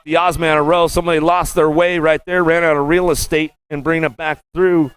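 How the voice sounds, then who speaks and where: A man calling BMX races live as track announcer, rattling off rider names in a rapid, rhythmic play-by-play and repeating stock phrases. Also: on the high side, a bit bright, smooth, dry recording. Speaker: race announcer. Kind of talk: live race commentary.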